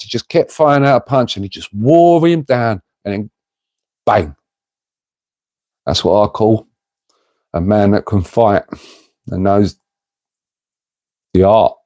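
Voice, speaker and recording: A man's voice: mid-range voice, dark tone, dry recording. A middle-aged man hosting a casual livestream, rambling and chatty as he reads out viewers' comments and calls them mate. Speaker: livestream host reading chat.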